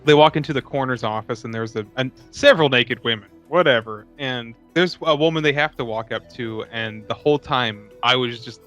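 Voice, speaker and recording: A man co-hosting a podcast, chatting casually about a movie and laughing between animated impressions of its lines. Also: medium pitch, fairly quick, hardly any pauses, soft background music. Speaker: podcast co-host. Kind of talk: casual movie review chat.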